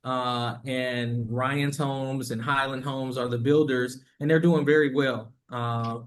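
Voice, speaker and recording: A man from Florida, a real estate agent, talking about his career and the housing market as a guest, affable and quick to agree. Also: mid-range voice, fairly even intonation. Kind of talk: casual interview conversation.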